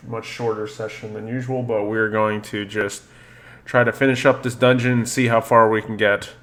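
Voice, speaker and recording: A man running a tabletop game as game master, narrating the scene at an easy pace with frequent fillers and restarts. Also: on the low side. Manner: relaxed, halting narration with many fillers.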